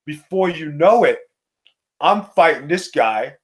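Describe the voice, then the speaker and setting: A middle-aged man from Staten Island, telling a profane, animated wrestling story in a casual chat. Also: on the high side, slow pace. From Staten Island, New York. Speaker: co-host, former wrestler.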